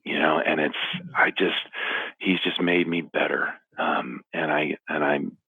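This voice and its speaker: Middle-aged man, low and husky, heartfelt and halting, on a phone call. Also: level tone, dry recording. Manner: earnest, halting with restarts, walking while talking. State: teary. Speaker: interview guest, foundation founder. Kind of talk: emotional phone interview. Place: his office. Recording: phone line.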